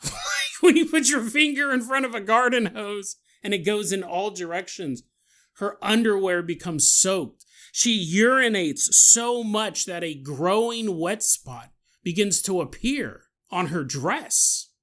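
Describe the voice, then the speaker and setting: A man's voice: sits high, animated, measured pace, a bit bright. A man hosting a podcast, telling a story in a comedic, jokey way and laughing at his own asides. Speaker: podcast host.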